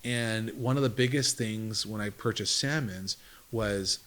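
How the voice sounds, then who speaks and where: A man's voice: on the low side, measured pace, a bit bright. A man, a business owner guest, telling stories in a casual interview, jumping between thoughts and acting out what others told him. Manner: rambling, jumps between thoughts. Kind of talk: conversational interview storytelling.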